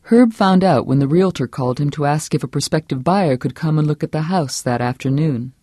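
An audiobook narrator reading a novel with steady, measured storytelling. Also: medium pitch, no room sound, clean studio sound. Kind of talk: scripted narration.

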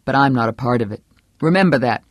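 A man's voice: medium pitch, animated, quick pace, no echo, clean studio sound, close to an everyday voice. A reader voicing a blunt, angry husband in his fifties who roars and turns grimly sarcastic. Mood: furious. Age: 50s. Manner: gruff, roaring, sarcastic. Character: angry, blunt middle-aged husband with a cane.

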